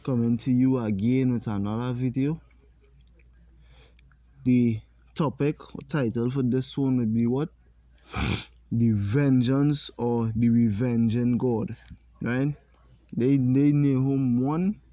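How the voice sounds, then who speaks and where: A man reads scripture slowly and deliberately during a religious lesson, stopping now and then to comment. His voice sits at a medium pitch with fairly even intonation and a dark tone, and there's no echo.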